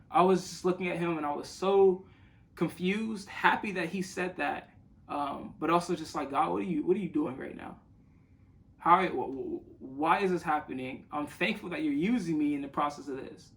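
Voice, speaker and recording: A young man, a youth ministry leader, telling a personal faith story in an earnest, halting way with frequent restarts. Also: on the high side, low-quality recording. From United States. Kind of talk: personal testimony.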